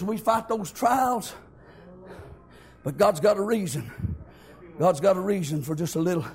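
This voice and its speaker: A male preacher, telling stories in a fervent sermon that builds to impassioned shouting. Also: sits high.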